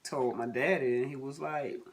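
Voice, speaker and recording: A man's voice: medium pitch, steady tone, normal speed. A man joining his wife on a vlog, chatting casually in short, laid-back remarks. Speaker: husband guest on vlog. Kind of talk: casual chat.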